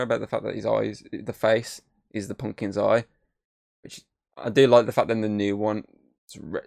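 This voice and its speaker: A man's voice: on the low side, gravelly, no echo, studio quality. A man giving a casual, rambling film review, swearing freely and humming bits of tunes.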